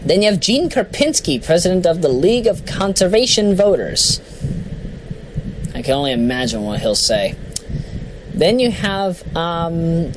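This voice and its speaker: A man's voice: on the high side, noisy background. A man giving casual political commentary who jokes, stumbles over names and laughs at himself. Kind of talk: casual commentary reading a list.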